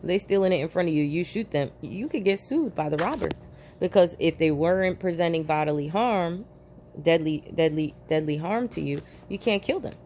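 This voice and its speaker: A former police officer from New Jersey tells a story to the camera, animated, emphatic, and profane, breaking into bursts of laughter. Her voice is fairly low, at a moderate pace, with slight background noise.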